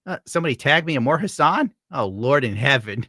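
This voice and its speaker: Brief: male streamer, bright forward tone, dry close mic, swears freely, rambles and jokes between donation reads. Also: medium pitch, lively intonation, brisk, dry recording. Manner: profane, rambling, jokey. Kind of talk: casual live-stream chat.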